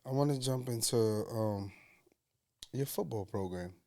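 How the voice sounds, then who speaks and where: A man's voice: medium pitch, a little slow, mellow. A man hosting a podcast, asking questions in an easygoing way and often restarting his sentences. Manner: easygoing, lots of short agreeing replies, stumbling restarts. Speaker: podcast host. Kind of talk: casual podcast interview.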